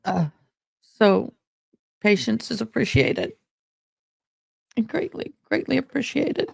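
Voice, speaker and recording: A middle-aged woman hosting a casual livestream about court cases, speaking haltingly with many pauses, grieving and close to tears. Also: a little high, lively intonation, gravelly, dry recording. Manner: halting, pausing often with ums. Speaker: courtroom commentary host.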